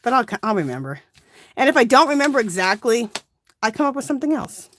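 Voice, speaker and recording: A woman's voice: a little high, sing-song, fast talker, fairly bright tone, slight background noise. Chatty woman hosting a craft livestream. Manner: chatty, rambling, thinks aloud while working. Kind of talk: casual crafting livestream chat. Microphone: phone.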